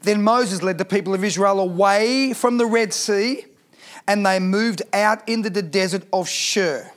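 A man's voice: high-pitched, unhurried. A man preaching a sermon as pastor, reading scripture aloud and asking the congregation rhetorical questions.

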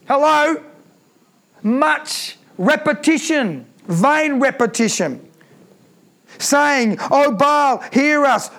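A man's voice: very high voice, fairly bright tone. A man preaching a sermon, reading scripture aloud and breaking off to comment with emphatic repeated phrases and rhetorical questions.

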